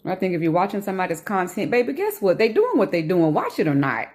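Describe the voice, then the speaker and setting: This vlogger has a lowish voice and talks fast. Her casual chat rambles on in an animated way while she eats, and she admits to feeling anxious.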